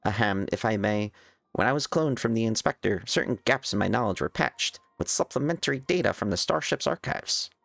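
A man's voice: on the low side, lively intonation, brisk, vocal fry, a bit bright, no room sound, heavily acted. A man voicing a nerdy, brainy male clone of an inspector in a prim, precise voice.

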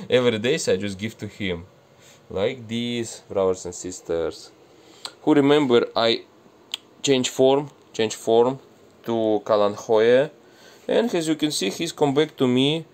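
A man's voice: medium pitch, a little mellow. Man speaking broken English about his plants. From Russia. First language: Russian. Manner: broken non-native English with Indonesian and Arabic words mixed in. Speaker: gardening vlogger. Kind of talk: casual garden walkthrough. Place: home with plants, by a loggia.

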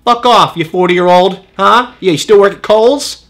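A man voicing an angry middle-aged mom who rants fast and indignantly and demands a manager. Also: sits high, a bit bright.

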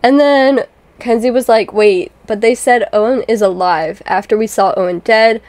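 A woman's voice: a little high, moderate pace, a little mellow, dry recording. A woman chatting casually to her viewers about game lore, with lots of fillers and asides to the audience. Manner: chatty, filler-heavy, keeps addressing viewers. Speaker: gaming video creator.

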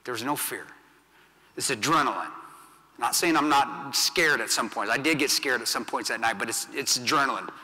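A blunt middle-aged man telling a war story from a stage, his voice bright and forceful. His delivery swings from loud to hushed, with long reverb trailing through a big event hall. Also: mid-range voice, normal speed. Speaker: keynote speaker, veteran. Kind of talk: storytelling speech to an audience.

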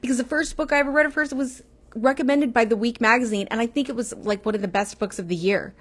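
A woman's voice: on the high side, fast talker, fairly bright tone. A woman hosting her own livestream, chatting in a rambling way and answering viewer comments. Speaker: livestream host. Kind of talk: casual livestream chat.

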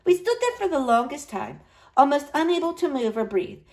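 A woman reading a children's Christmas story aloud, with lively delivery and high excited lines for the children. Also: fairly quick, rough recording. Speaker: storybook narrator. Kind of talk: storybook read-aloud narration.

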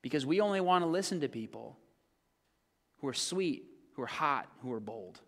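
A male pastor preaching a sermon, his voice sitting a little high for a man. He swings from loud, emphatic points down to hushed, conversational asides. His words ring out with a long hall reverb. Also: animated, moderate pace. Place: church sanctuary.

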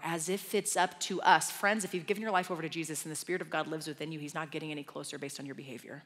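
Low-voiced woman preaching in a hall. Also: fairly even intonation, rapid-fire, hardly any pauses, fairly bright tone. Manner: conversational preaching with sudden emphatic swells. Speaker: guest speaker. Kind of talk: sermon. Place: large church auditorium. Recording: long hall reverb.

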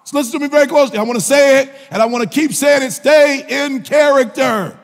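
A male minister preaching a sermon in a colloquial, joking style, with impassioned shouts and repeated phrases. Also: very high voice, fast. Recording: long reverb of a large hall.

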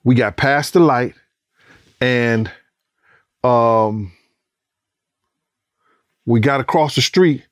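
A former bodyguard, a middle-aged man, tells a story in a relaxed interview, drawing out his words and leaving long pauses in a mid-range voice. His delivery is lively and profane, complete with imitated voices and gunshot sounds. There's no echo, and the audio is studio quality.

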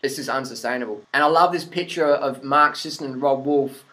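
A man's voice: medium pitch, a little fast, pushed and bright. Sweary man ranting. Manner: blunt, sweary, laughs at own points. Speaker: vlogger. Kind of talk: profane opinion rant to camera.

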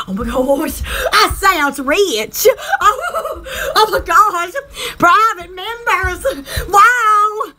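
A woman hosting her own channel, chatting in a rambling, excited way and gushing over everything. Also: very high-pitched, slow. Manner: gushing, lots of "oh my gosh". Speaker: channel host. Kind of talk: rambling excited vlog chat.

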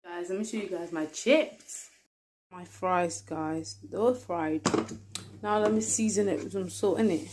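A young woman, chatting casually to camera as a vlogger, laughing often and trailing off into soft mumbles. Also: lowish voice, a little slow, a little hiss or hum.

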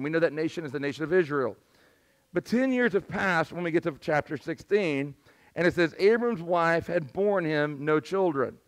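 Man, pastor preaching, high pitch, strained squeaky voice, asks the room for responses. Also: normal speed. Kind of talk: sermon. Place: church sanctuary.

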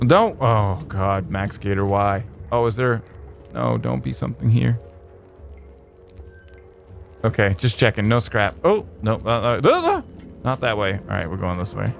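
A man hosting a let's play, giving excitable, jokey gameplay commentary that jumps to high exclamations. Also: a little slow, gravelly, long pauses, soft background music.

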